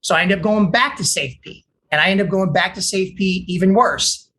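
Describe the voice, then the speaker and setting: A man from Texas, an addiction counselor, telling his recovery story in an animated way, acting out other people's lines with lots of "like" and restarts. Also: sits high, a little fast, a little hiss or hum. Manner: fillers like "like" and repeated restarts.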